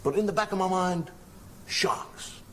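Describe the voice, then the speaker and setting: A man's voice: high voice, a little slow, crowd noise. An older man doing stand-up, telling rambling, wry anecdotes and putting on quoted voices. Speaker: stand-up comedian. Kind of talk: stand-up storytelling. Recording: noisy stage recording.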